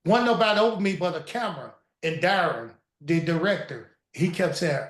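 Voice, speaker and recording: High-voiced man telling animated stories. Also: moderate pace, few pauses. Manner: animated storytelling, acts out quoted dialogue. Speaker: guest storyteller. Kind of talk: casual interview chat. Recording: echoey room.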